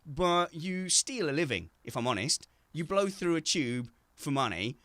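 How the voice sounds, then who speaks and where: A man's voice: fairly high pitch, animated, unhurried, fairly bright tone, no room sound. A man hosting a casual video-call chat from home, joking and teasing, with frequent stumbles and restarts. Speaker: host.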